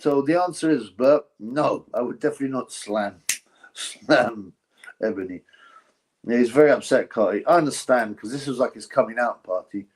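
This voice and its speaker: A man's voice: mid-range voice, normal speed. Blunt ranting man streaming fight commentary. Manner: blunt, ranting, chuckling asides; reads viewer donations aloud. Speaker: livestream host. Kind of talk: live reaction commentary on a boxing stream.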